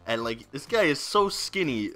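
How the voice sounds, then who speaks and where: A man's voice: medium pitch, big pitch swings, normal speed, sharp tone. A young man hosting a gaming channel, telling a story in a rambling, casual way, swearing and laughing often. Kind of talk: casual storytelling over gameplay.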